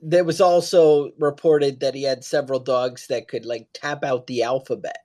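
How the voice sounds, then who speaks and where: A man's voice: medium pitch, steady tone, normal speed, a little mellow. A man co-hosting a podcast, talking casually in rambling, joking asides. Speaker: podcast co-host.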